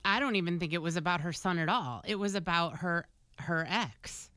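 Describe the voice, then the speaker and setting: A woman's voice: on the low side, animated, moderate pace, pushed and bright. A woman co-hosting a podcast in casual chat, making her point emphatically.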